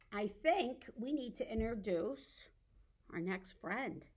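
A woman's voice: medium pitch, animated, takes it slowly. A woman librarian leading a baby storytime, talking in a cheerful sing-song way to small children and their grown-ups. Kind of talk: baby storytime with songs and rhymes.

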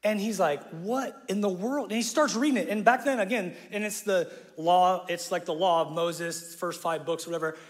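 In a church auditorium with long reverb, a male pastor preaches in a casual, slangy style, acting out the characters in his story and laughing often. His voice is high-pitched, and he speaks at normal speed with hardly any pauses.

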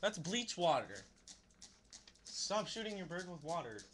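A man's voice: sits high, very animated, unhurried, background noise. A young man casually vlogging at home, reading letters aloud in a mocking, sing-song voice. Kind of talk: casual comedic vlog.

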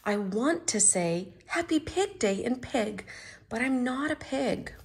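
A gentle, worried elephant fellow talks in an earnest, fretful storybook voice, as a woman reader puts him on. He speaks slowly and with care, his voice rising and falling in a lively way. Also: fairly high pitch, slight background noise, voice pushed up. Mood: sad.

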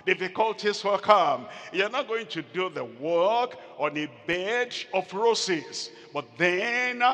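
A male pastor preaching a sermon, slow and emphatic, repeating phrases and calling out to the congregation. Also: high-pitched, expressive, a bit bright. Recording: long hall reverb.

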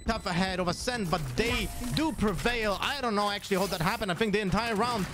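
A man with a non-native English accent doing live esports play-by-play, excitable and thinking aloud with restarts. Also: sits high, a little fast, over music. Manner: excitable, jumps up to shouts on kills. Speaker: esports caster.

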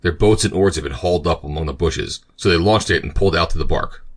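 A man narrating an audiobook in a steady, measured way. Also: deep voice, breathy edge.

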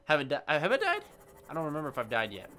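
A man's voice: on the high side, wildly swooping pitch, racing, fairly bright tone, a little hiss or hum. A man giving casual gameplay commentary, rambling with stammering restarts and yelping in panic when startled. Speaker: gaming YouTuber. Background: game music.

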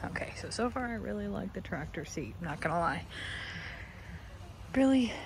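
A woman's voice: mid-range voice, lively intonation, moderate pace, gravelly, background noise. A woman chatting casually while browsing an outdoor garden center and talking to plants. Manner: chatty, talks to plants and a dog. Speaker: vlogger. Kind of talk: casual walking vlog.

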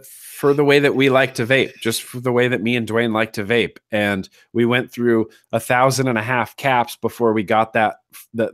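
A man's voice: medium pitch, fairly bright tone, dry recording, studio quality. A man talking as a guest in a casual interview, enthusiastic and repeating phrases for emphasis. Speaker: guest, atomizer designer.

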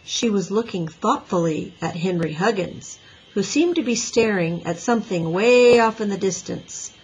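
A woman teacher reading a children's book aloud with an expressive, lively voice. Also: mid-range voice, normal speed, breathy edge, low-quality recording. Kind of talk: storybook read-aloud.

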